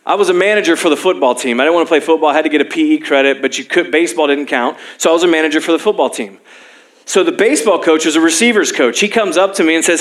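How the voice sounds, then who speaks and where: A young male pastor with a fairly high voice, preaching from a church stage. He tells personal stories with self-deprecating humor, laughing often as he goes. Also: very fast, a bit bright. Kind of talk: sermon.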